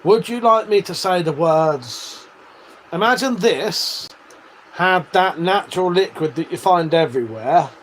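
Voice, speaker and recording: A man's voice: sits high, expressive, unhurried, fairly bright tone, slight background noise. An English man in his forties chatting casually on a live stream, reading out viewer comments, laughing and swearing as he banters. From England. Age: 40s.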